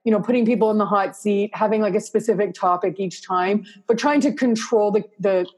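A woman's voice: medium pitch, fairly quick, darkish tone. A woman with a Canadian accent, an interior designer talking casually and at length in an interview, with many fillers. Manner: chatty, rambling, lots of fillers.

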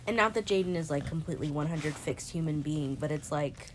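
A woman's voice: a little fast, slight background noise. A woman in her twenties talking expressively in a casual heart-to-heart from a bedroom, laughing often. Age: 20s. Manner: expressive, laughs often, jumps into high-pitched quoted voices. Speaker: friend confiding. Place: bedroom, in bed.

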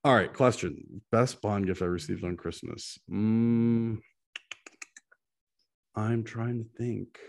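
A man's voice: fairly low pitch, steady tone, slow, vocal fry, pauses often. A man co-hosting a podcast in casual chat, joking and laughing often and swearing freely. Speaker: podcast co-host.

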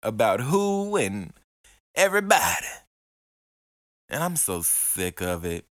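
Profane ranting man, slow and lively. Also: on the low side, no echo, clean studio sound. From Alabama. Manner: profane, heated, mocking insults. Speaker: podcast host. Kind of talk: casual ranting monologue.

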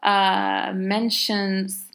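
Woman, Turkish accent, native Turkish speaker, casual language lesson, unhurried delivery, mid-pitched voice. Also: level tone, gravelly, a bit bright. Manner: explains slowly with many fillers, exaggerates stress on example words. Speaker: language teacher.

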